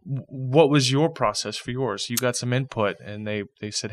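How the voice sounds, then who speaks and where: A man hosts a talk show with a casual, joking interviewer's manner. His pitch sits in an ordinary middle range for a man. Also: moderate pace. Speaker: host. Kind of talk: casual radio chat.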